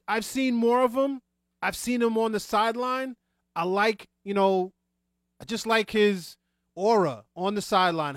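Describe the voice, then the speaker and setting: A man's voice: sits high, a bit bright, dry recording, studio quality. A man giving his opinions on a casual sports talk show, hesitant, with many ums and restarts. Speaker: podcast co-host.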